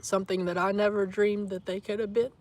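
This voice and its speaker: A man, chatting warmly and emotionally to his viewers in a casual vlog, teasing them and saying y'all a lot. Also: sits high, flat delivery, fairly quick. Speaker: vlogger.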